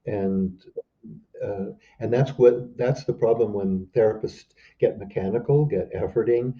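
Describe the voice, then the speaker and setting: A man speaking as a therapy trainer in an interview, making thoughtful, measured remarks with small restarts. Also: lowish voice, lo-fi sound. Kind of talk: reflective interview conversation.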